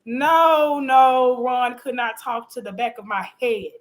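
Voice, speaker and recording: Animated, sassy woman recapping a show. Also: fairly high pitch, normal speed. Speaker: panelist. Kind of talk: casual show recap chat.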